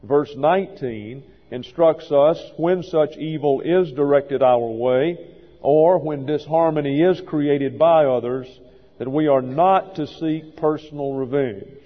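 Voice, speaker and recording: Man teaching a methodical Bible sermon. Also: a little high. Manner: measured, methodical, lecturing. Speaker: pastor. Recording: dull lo-fi sound with long hall reverb.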